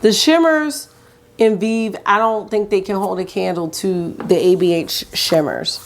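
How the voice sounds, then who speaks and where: A young adult woman hosts a casual makeup review from home. She talks in a chatty, enthusiastic way at a middle pitch. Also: measured pace. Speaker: beauty vlogger.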